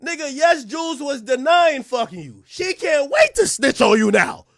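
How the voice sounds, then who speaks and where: A man hosting a livestream, ranting loudly and profanely, often laughing and now and then rapping lines in a casual chat. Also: very high-pitched, big pitch swings, moderate pace, no room sound, studio quality. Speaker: livestream host.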